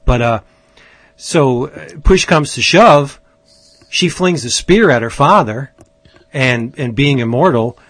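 A man's voice: mid-range voice, lively intonation, takes it slowly, a bit bright, dry recording. A man hosting a casual comic book chat, enthusiastic and rambling, often restarting his sentences. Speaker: comic book podcast host.

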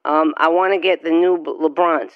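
A man's voice: a little high, fairly even intonation, smooth, phone-quality sound, natural voice. A man playing a sleepy stammering little boy on the phone. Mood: hesitant. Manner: halting, stammering, many ums. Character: sleepy hesitant young boy nephew.

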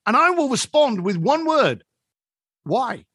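A man's voice: extremely high pitch, slow, breathy edge, dry recording, clean studio sound. A man in his fifties, a business coach, telling stories in a chatty podcast conversation and acting out the voices of the people in them. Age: 50s. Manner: animated, acts out quoted dialogue. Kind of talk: conversational storytelling.

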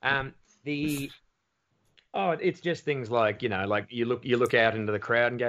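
A man with an Australian accent, a comedian guest telling lively, sweary anecdotes in casual podcast chat. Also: medium pitch, normal speed, muffled recording. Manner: lively anecdotes, swears freely, slips into voices.

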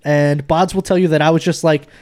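A man's voice: fairly high pitch, fairly quick. A young man telling stories in a casual podcast chat, laughing often as he talks. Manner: laughing often, animated storytelling. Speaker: podcast host.

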